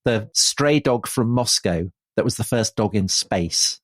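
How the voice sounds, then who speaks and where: A middle-aged man co-hosting a history podcast, eager and a little halting in his talk. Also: lowish voice, expressive, dry recording. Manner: enthusiastic, slightly hesitant with fillers. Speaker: podcast co-host.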